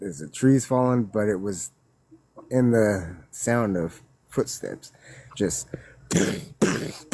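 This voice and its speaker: Excited man telling a scary story. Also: medium pitch, no room sound. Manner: excited, rambling, laughing as he recounts. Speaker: witness guest. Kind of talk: casual storytelling.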